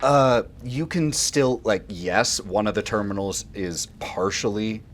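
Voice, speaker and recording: A man narrating a tabletop horror game as game master, calmly describing scenes and calling for rolls. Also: on the low side, a little slow, slight background noise.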